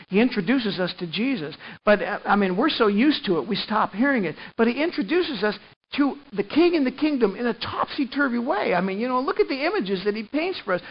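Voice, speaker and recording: Animated male pastor preaching a sermon. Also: very high-pitched, lo-fi sound. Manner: animated, swings between quiet and loud, repeats words.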